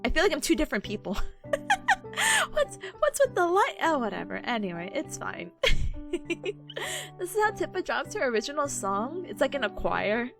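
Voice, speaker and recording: A woman's voice: sits high, huge pitch swings, moderate pace, creaky, music in the background. A woman streamer in casual live chat, playful and silly, laughing often between lines. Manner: silly, sings sound effects.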